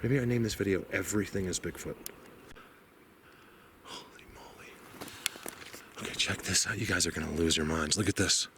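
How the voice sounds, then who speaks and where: A man vlogging outdoors in a snowy forest, emotional and awed, rambling and sometimes dropping to a hushed voice. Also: sits low, fast talker, few pauses, noisy background. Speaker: vlogger exploring the woods. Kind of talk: excited outdoor vlog narration.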